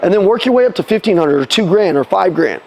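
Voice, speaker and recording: Sales trainer, male, high voice, punchy call-and-response coaching to a live room. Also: lively intonation, vocal fry, a little mellow. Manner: casual, swears, quick restarts.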